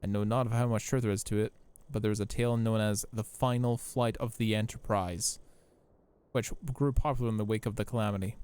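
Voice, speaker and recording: A man's voice: on the low side, fairly even intonation, a little mellow, clean tone, close to an everyday voice. A man reading a formal old priest. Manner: measured, formal, stumbling over names. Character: gentle elderly male priest giving counsel. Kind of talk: reading game dialogue aloud.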